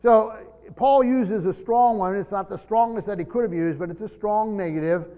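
A fairly high-voiced man teaches scripture, talking it through conversationally and restarting phrases as he explains. The recording is dull and lo-fi, with a long reverb trailing his voice. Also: normal speed. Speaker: Bible teacher. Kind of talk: Bible study teaching.

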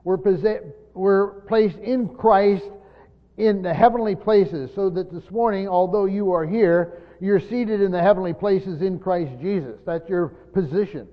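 An older man preaching a sermon in a teacherly way, repeating his points with many pauses and "uh" fillers. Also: high voice. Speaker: pastor. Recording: dull lo-fi sound with long hall reverb.

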